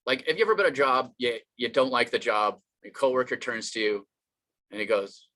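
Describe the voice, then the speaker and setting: A man's voice: medium pitch, fairly quick, pushed and bright. A man doing an online stand-up comedy set, rambling and self-deprecating, with many fillers and restarts.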